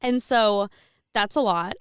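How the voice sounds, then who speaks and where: A woman's voice: mid-range voice, takes it slowly, smooth, dry recording, clean studio sound. A woman in her twenties, a seminarian co-hosting a podcast, chatting casually with frequent laughs and rambling restarts. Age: 20s.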